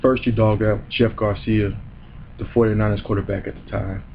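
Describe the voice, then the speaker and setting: A man's voice: lowish voice, level tone, moderate pace, creaky, dull audio, slight background noise. A man hosting a comedy show, delivering a heated, profane and mocking rant. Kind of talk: ranting comedic commentary.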